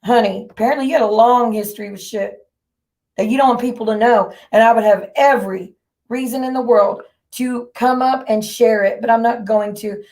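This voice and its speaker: Brief: woman stream host, fairly high voice, furious and profane, calling out her chat directly. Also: fairly even intonation, moderate pace, darkish tone. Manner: heated, profane, confrontational. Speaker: livestream host. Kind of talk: angry livestream rant.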